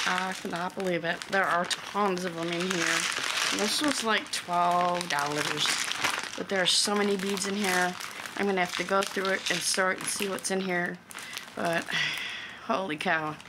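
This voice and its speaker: A woman casually showing off a haul of craft supplies, chatty and excitable, thinking aloud as she unpacks. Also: on the low side, unhurried, heavy background noise. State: out of breath. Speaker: crafting vlogger. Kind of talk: casual thrift haul show-and-tell.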